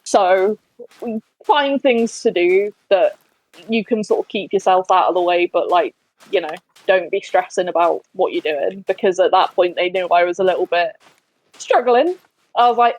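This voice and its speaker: A woman's voice: mid-range voice, animated, normal speed, no room sound, rough recording. Giggly Somerset woman in her twenties. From Somerset, England. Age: 20s. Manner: chatty, giggly and self-deprecating. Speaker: gaming streamer. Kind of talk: casual chat while gaming.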